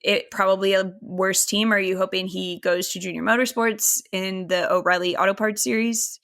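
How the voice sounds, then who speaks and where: A woman's voice: medium pitch, steady tone, moderate pace, vocal fry, fairly bright tone. A woman co-hosting a podcast in casual chat, swearing freely, laughing often and steering the questions. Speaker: podcast co-host.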